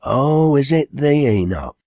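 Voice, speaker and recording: A man voicing a cross village woman with a Lancashire accent, sharp and scolding. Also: medium pitch, animated, slow pace, no room sound, studio quality, pitched above the performer's own voice.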